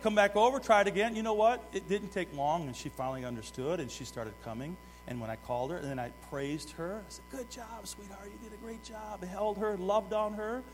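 A middle-aged man preaching a sermon, swinging between loud urgent exhortation and hushed asides while putting direct questions to the congregation. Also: high voice. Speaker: pastor. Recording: long hall reverb with mains hum.

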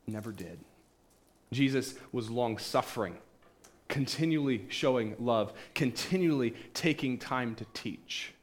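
A man delivers a sermon in a mid-range voice, retelling stories to his listeners. He plays out the quoted voices, climbing loud for the angry crowd and falling to a near hush for the tender moments. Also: mid-range voice, animated, measured pace. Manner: storytelling, acts out quoted voices, swings between loud and hushed. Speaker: pastor.

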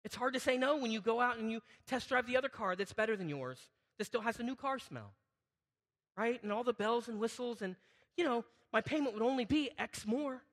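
A middle-aged man preaching a sermon in a church hall, animated, asking the congregation questions and acting out what people say in a raised voice. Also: very high-pitched, brisk. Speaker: pastor. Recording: hall reverb.

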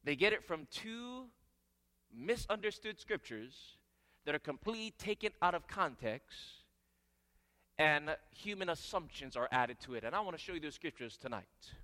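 A man's voice: on the high side, expressive, moderate pace, sharp tone. A man preaching a sermon, emphatic, posing questions to his congregation and answering them himself. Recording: echoey hall reverb.

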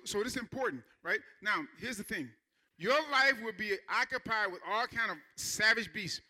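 A man preaching a Sunday sermon, emphatic, repeating key phrases and asking the congregation questions. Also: high-pitched. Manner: animated preacher, slows down to stress key lines. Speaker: pastor.

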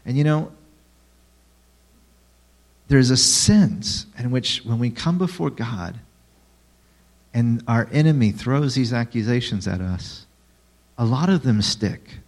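A man's voice: medium pitch, lively intonation, slow, pauses often, a little mellow. A man preaching a sermon in a conversational way, asking the listeners questions. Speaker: pastor.

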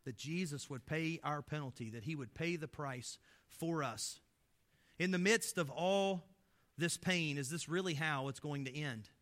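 A man delivers a sermon as a pastor, his voice sitting a bit high with a sharp, bright edge. He preaches with passion and fires off rhetorical questions. His loudness rises for emphasis, then drops into hushed, low passages. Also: a little slow. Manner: impassioned, full of rhetorical questions, swelling and dropping in loudness.

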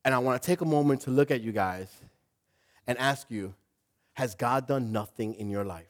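A male pastor preaching a sermon in an animated way, rising to loud emphasis. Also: mid-range voice, normal speed.

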